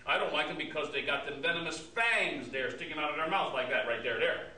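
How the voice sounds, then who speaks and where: A man's voice: fairly high pitch, a little fast, pushed and bright. A man voicing a folksy, grumbling gossip who drawls and rambles. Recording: roomy, distant mic.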